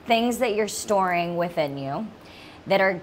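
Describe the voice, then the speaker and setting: A woman's voice: medium pitch, animated, measured pace, a little hiss or hum. A woman talking as a podcast guest in casual chat, acting out her own thoughts in a lifted voice and laughing often. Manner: laughs often, many fillers like "like".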